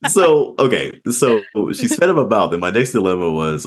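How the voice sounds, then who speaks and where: A man's voice: on the low side, normal speed, few pauses, breathy edge. A man co-hosting a podcast, telling stories in casual chat and laughing often. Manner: animated storyteller, laughs often. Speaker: podcast host.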